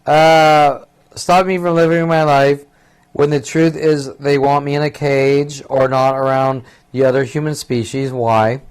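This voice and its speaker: Man in his fifties, slightly higher voice, agitated and profane, rambling and repetitive solo vlog. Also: little pitch movement, measured pace, clear, resonant tone. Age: 50s. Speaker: vlogger. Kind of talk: rambling monologue.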